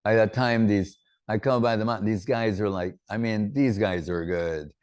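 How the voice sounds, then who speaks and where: A man's voice: fairly low pitch, steady tone, normal speed, a little mellow, dry recording. A man giving an informal religious talk, drifting from teaching into rambling personal anecdotes.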